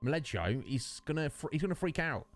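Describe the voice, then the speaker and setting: Joking man, animated pitch. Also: brisk, soft background music. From United Kingdom. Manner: rambling, joking, answers chat by name. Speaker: Twitch streamer. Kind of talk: casual chat while streaming a game. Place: home streaming setup. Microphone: studio dynamic microphone.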